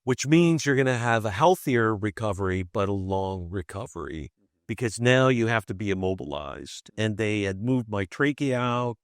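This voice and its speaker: A man, a podcast guest, telling a personal story in conversation, halting and repeating himself as he restarts phrases, and acting out the voices he quotes. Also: fairly low pitch, no echo, studio quality. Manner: animated, acts out quoted voices.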